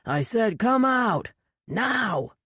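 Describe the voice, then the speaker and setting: A woman voicing a big male firefighter who speaks loudly and with command in an audiobook. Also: low-pitched, animated, fast, no room sound, clean studio sound. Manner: loud, commanding. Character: brawny male firefighter shouting orders.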